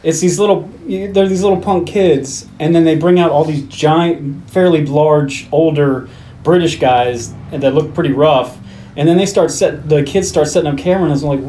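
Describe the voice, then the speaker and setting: A man co-hosting a movie podcast, excitable and quick to laugh and jump in. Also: on the high side, slight background noise, rough recording. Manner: excitable, laughs, jumps in ahead. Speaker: podcast co-host. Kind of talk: casual movie chat.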